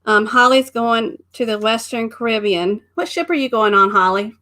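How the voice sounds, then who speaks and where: A woman's voice: fairly high pitch, moderate pace, bright, forceful tone. A middle-aged woman co-hosting a casual live stream, greeting viewers by name and laughing often. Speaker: co-host of a live travel stream.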